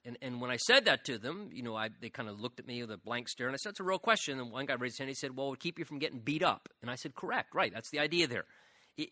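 A man's voice: medium pitch, pushed and bright, no room sound. A man pastor preaching a sermon in a church, earnest and emphatic, voicing prayers with rising intensity. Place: church sanctuary.

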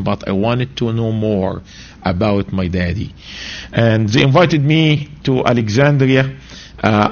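A man's voice: medium pitch, dull audio. Egyptian-born man preaching his testimony. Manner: animated storytelling, broken grammar, voices quotes. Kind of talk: sermon testimony.

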